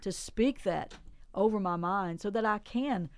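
A woman's voice: mid-range voice, a little slow. A middle-aged woman co-hosting a Christian radio talk show, speaking earnestly, laughing often and quoting scripture.

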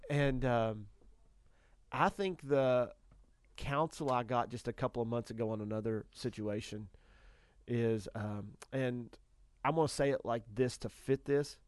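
A man co-hosting a Christian radio talk show, his voice sitting at an ordinary middle pitch. He is reflective and tells faith stories with halting restarts. The recording is dry and close. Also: clean tone, no room sound.

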